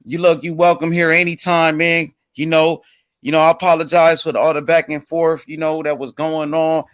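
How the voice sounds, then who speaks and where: A man chatting on a boxing panel, friendly and sure of himself. His voice is a little high. The room sounds dry and close. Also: flat delivery, moderate pace, a bit bright, clear, resonant tone, dry recording. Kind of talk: casual chat.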